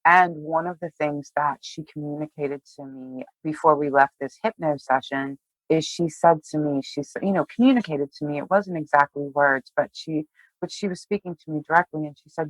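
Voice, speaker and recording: A woman guest on a podcast, sharing a personal story in a heartfelt, emotional way, often halting and restarting. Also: low voice, no room sound, rough recording. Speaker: tarot reader, guest.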